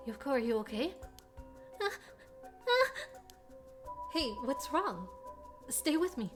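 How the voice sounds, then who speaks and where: A woman streaming a horror game, reading the dialogue aloud and reacting dramatically. She swings between hushed whispers and sudden yelps. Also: high-pitched, sing-song, takes it slowly, pauses often, soft background music.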